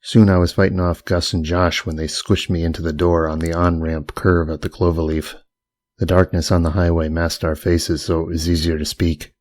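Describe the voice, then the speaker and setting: A man reads a first-person novel aloud at a steady, even pace. His voice is very low and holds a flat line. The booth sound is dry with no room. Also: moderate pace, dry recording. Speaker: audiobook narrator. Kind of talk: first-person audiobook narration.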